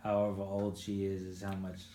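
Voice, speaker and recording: A man interviewing a father he worked with, asking gentle leading questions with frequent restarts. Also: low-pitched, completely flat delivery, brisk, reverberant, slight background noise. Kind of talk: casual interview.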